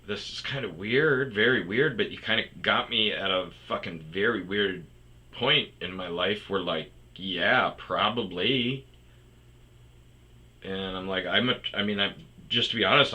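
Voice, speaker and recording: A man's voice: fairly low pitch, moderate pace, pushed and bright. A young man telling a rambling personal story as the host of a storytime show, blunt and profane, with frequent restarts. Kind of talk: casual comedic storytelling monologue.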